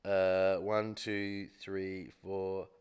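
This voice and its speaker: A man's voice: low-pitched, flat delivery, very slow, a little mellow, clear, resonant tone. A man hosting a live-streamed quiz, rambling and joking at his own expense, with many fillers. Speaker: quiz show host.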